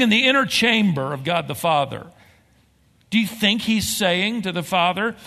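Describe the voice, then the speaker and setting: A man preaching a sermon as pastor, telling stories with emphatic, animated delivery. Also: high-pitched, moderate pace, creaky, in a large hall. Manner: animated storytelling, emphatic swings.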